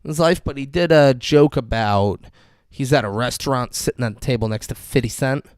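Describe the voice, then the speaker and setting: A man co-hosting a podcast, casually recapping a TV episode with animated, profane retellings and frequent laughs. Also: mid-range voice, fairly quick, no room sound. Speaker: podcast co-host.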